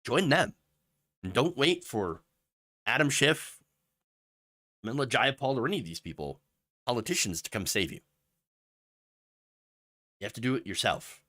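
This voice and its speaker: A man hosting a political livestream, his voice bright and forward with wide swings in pitch. He rants with sarcasm, mocking politicians in put-on voices, then drifts into loose, filler-heavy asides as he reads viewer messages. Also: lively intonation, measured pace, pauses often. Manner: impassioned, ranting, with sarcastic mock quotes. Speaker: political commentary host.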